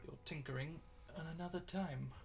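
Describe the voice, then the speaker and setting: A British man voicing a fussy, polite male wizard with refined taste, speaking softly and courteously. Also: fairly high pitch, a little fast, vocal fry, faint music behind. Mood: genteel.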